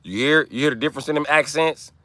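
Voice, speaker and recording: A man's voice: on the high side, quick pace, sharp tone, dry recording. A man hosting a livestream, ranting in brash, profane trash talk. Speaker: livestream host. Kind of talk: live-stream rant.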